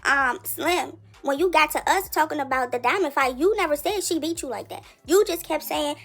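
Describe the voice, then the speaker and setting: A woman giving casual commentary on a reality show, chatty and quick to react, full of rhetorical questions. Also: sits high, soft background music.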